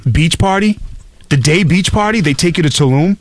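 A fairly high-voiced man hosts a podcast, telling stories in animated, ranting bursts. His voice is close and dry, with no room sound. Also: normal speed, no echo. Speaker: podcast host. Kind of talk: casual chat.

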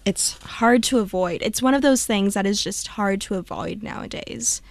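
A woman's voice: mid-range voice, moderate pace, creaky, dry recording. A young woman co-hosting a college radio show, making short, earnest remarks. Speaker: radio co-host. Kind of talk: casual radio show chat.

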